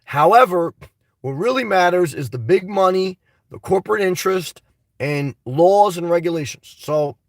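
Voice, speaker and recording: A man hosting a casual live stream, reading viewer comments and rambling about them in an animated way. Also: high-pitched, normal speed, no echo, clean studio sound, far from the mic.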